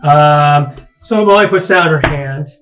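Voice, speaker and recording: A man running a tabletop game describes the scene in a slightly high voice. He rambles and restarts as he goes, stacking up filler words. Soft music plays underneath. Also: a little slow, rough recording. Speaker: game master.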